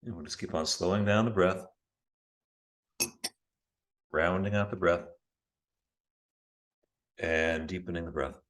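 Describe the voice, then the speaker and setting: A man teaching a yoga class over a video call, giving calm, unhurried cues for breathing and poses. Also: sits low. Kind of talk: guiding a live online yoga class.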